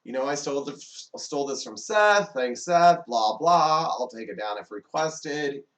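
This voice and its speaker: A man with a somewhat high voice hosts a comedy segment, reading text messages aloud in a casual, joking way. Every so often he cuts in with loud, exasperated corrections. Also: expressive, unhurried, distant mic. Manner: reads texts aloud, then jumps in with loud, exasperated corrections. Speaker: host.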